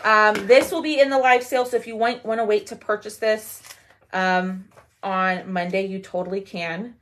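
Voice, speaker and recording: A woman's voice: medium pitch, steady tone, normal speed, fairly bright tone, a little hiss or hum. A woman in her thirties from Texas with a twang, hosting a chatty craft livestream and greeting viewers as she reads their comments. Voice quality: laughs often.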